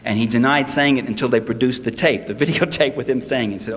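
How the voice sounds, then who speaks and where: A man giving a live political lecture to an audience, sarcastic and animated, mocking the people he quotes. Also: medium pitch, fast. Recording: echoey hall, faint hiss.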